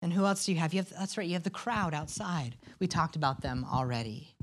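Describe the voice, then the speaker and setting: A woman's voice: sits low, fairly quick. A woman pastor preaching a sermon in an earnest way, often restarting and repeating words and asking the congregation questions.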